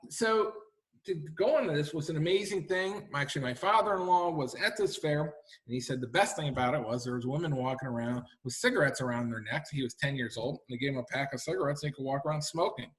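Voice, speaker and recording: A man's voice: a little high, a bit bright. Chatty man giving a history talk. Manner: chatty, addresses audience with rhetorical questions and "all right?". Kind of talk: lively public history lecture. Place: library talk room.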